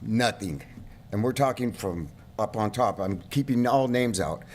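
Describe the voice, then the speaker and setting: A man's voice: on the low side, a little slow. Impassioned middle-aged man at a podium. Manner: impassioned, voice rising to near shouting at peaks. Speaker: public commenter at a county board meeting. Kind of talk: emotional public comment. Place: council chamber.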